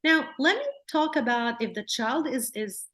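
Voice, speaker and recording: A woman from Palestine, a clinical psychologist giving a workshop lecture in an earnest way, often repeating words and slipping into gentle soothing phrases. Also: fairly high pitch, animated, normal speed. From Palestine, raised in Jordan.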